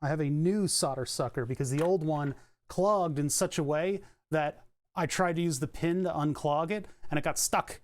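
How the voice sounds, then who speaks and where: Young man streamer, casual rambling repair talk, higher pitch. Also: normal speed. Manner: thinks aloud, rambling, swears casually. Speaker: streamer doing car electronics repair. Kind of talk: casual live-stream commentary.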